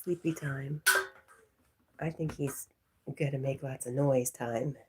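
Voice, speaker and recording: A woman hosting a night livestream, reading chat aloud and talking softly to her dog, sometimes in a whisper, a little wheezy. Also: rumbling low, steady tone, takes it slowly, pauses often, noisy background. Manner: soft, often whispering, talks to her dog.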